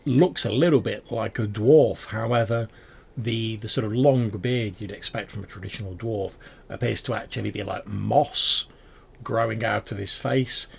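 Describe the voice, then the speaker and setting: A man narrates as the game master of a tabletop game, sounding relaxed and hesitant and using many fillers. His voice is on the low side and gravelly with a breathy edge, at normal speed.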